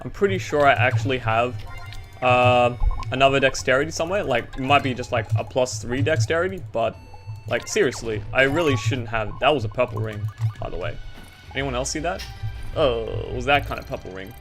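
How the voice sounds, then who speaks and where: A man's voice: medium pitch, lively intonation, brisk, a bit bright. A young Australian man giving rambling, goofy and self-deprecating gameplay commentary over faint game music. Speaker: gaming YouTuber.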